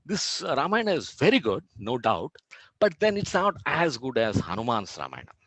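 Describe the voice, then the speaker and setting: A man's voice: mid-range voice, huge pitch swings, moderate pace, fairly bright tone, no room sound, exaggerated voice. A male teacher voicing a frank, kindly male wandering sage in a retold scripture story.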